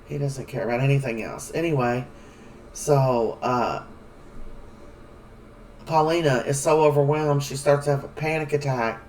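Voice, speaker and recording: A man's voice: mid-range voice, steady tone, a little slow, long pauses, a little mellow, recorded from a distance, slight background noise, rough recording. A man giving a casual, rambling recap of a soap episode, full of fillers. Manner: rambling, chatty, many fillers. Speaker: soap opera recap vlogger.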